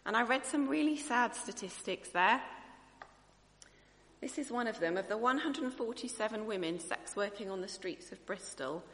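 A woman's voice: mid-range voice, gravelly, fairly bright tone, big-room sound. A woman preacher giving a sermon. She speaks in an earnest, conversational way and thinks aloud as she goes.

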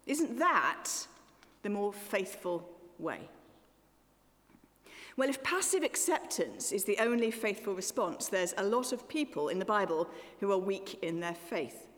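A woman's voice: medium pitch, unhurried. Woman preaching a sermon in a reverberant church. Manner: expressive, rising emphatic questions, dropping to soft endings. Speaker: guest preacher.

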